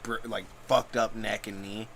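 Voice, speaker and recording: A man's voice: lowish voice, flat delivery, normal speed, gravelly, fairly bright tone. A young man co-hosting a podcast, eagerly explaining things in casual chat. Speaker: podcast co-host.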